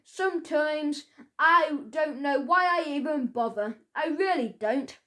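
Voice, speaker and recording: A woman's voice: high voice, unhurried, fairly bright tone. A woman voicing a greedy, nasty old man in a children's audiobook, gloating and coarse. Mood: exasperated. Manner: gloating, roaring and laughing, coarse ungrammatical speech. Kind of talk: storybook character voice.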